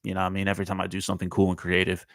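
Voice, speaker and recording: A man's voice: low-pitched, completely flat delivery, rapid-fire, fairly bright tone, no room sound, low-quality recording. A man hosting his own morning talk show, chatting casually and bluntly with plenty of swearing while out on a walk, and talking straight to his viewers. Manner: blunt, heavy swearing, talks to live chat viewers. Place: outdoors, walking.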